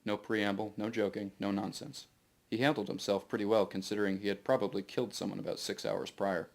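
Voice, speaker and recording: A man reading his own novel aloud to a live audience in steady first-person narration. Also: lowish voice, fairly quick, gravelly.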